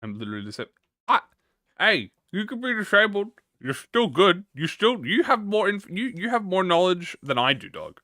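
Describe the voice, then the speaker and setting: A man's voice: high voice, big pitch swings, normal speed, sharp tone, no echo, clean studio sound. A man livestreaming, chatting casually with viewers and reading a story aloud, stuttering and restarting often. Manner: encouraging, talks to chat with slang.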